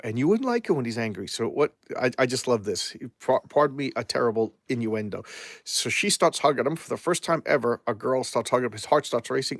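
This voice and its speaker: A man's voice: medium pitch, dry recording, studio quality. A man reviewing comic books in a casual live chat, rambling and often repeating and restarting his words.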